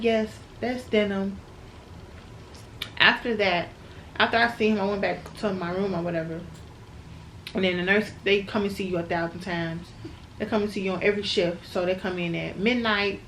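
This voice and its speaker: Chatty young woman vlogging, noisy background. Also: medium pitch. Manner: chatty, addresses viewers as y'all, emotional retelling. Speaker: new mother vlogger. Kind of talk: casual storytelling to camera.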